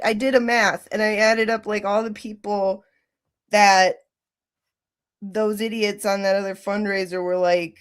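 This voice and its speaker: A woman hosting a casual livestream, gushing and excitable, gasping and laughing often. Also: medium pitch, no echo, studio quality. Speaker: livestream host.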